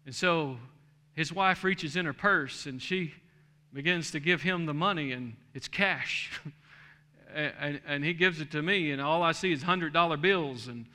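A man's voice: a little high, measured pace, pushed and bright. A middle-aged man, a pastor, telling a story in a sermon and building to a fervent preaching cadence, in a church sanctuary.

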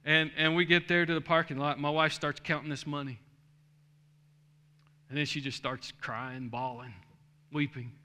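A man's voice: a little high, little pitch movement, normal speed, long pauses, sharp tone. A middle-aged man, a pastor, telling a story in a sermon and building to a fervent preaching cadence, in a church sanctuary.

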